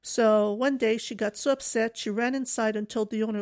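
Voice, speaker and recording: A woman's voice: on the high side, fairly even intonation, moderate pace, hardly any pauses, a little mellow. A woman co-hosting a live radio talk show, telling stories in a chatty way with many fillers.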